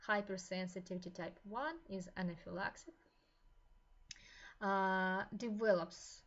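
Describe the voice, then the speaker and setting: A woman with a Russian accent teaches a university class in a mid-range voice. She talks slowly and haltingly, with many fillers, and often repeats a phrase before she goes on. The sound is muffled and lo-fi, like a lecture streamed from a classroom. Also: mid-range voice.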